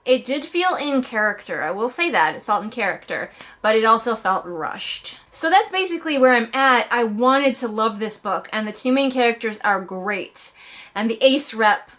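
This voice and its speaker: A woman casually reviewing a book she has read, talking in an animated way and jumping up in pitch for emphasis. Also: normal speed.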